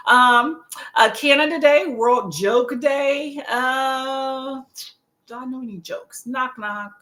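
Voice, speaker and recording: A woman's voice: sits high, takes it slowly, pushed and bright, echoey room. A woman hosting a casual reading livestream, chatting to her viewers, laughing often and repeating her phrases. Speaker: booktube livestream host.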